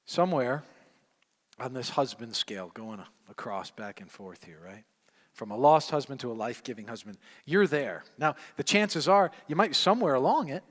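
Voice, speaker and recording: A man delivers sermon-style teaching at an ordinary pitch. He hammers his points through repetition and moves between soft, close asides and loud, ringing emphasis. His voice carries a long reverb from a large hall. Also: lively intonation, moderate pace. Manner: emphatic, repeats key phrases, swings from hushed to loud. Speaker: men's ministry teacher.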